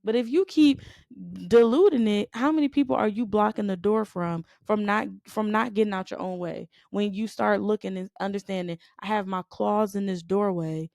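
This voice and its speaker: A woman co-hosting a faith podcast. She preaches conversationally, driving each point home through repetition and rhetorical questions. She has a gravelly edge, a middling pitch and a dry, close recording. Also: moderate pace, a little mellow, no room sound. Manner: emphatic, repeats "you know what I'm saying". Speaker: podcast co-host.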